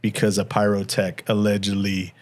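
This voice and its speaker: A man's voice: lowish voice, completely flat delivery, normal speed. Rambling male podcast co-host. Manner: rambling, stumbling restarts, laughs often. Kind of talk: casual movie review chat.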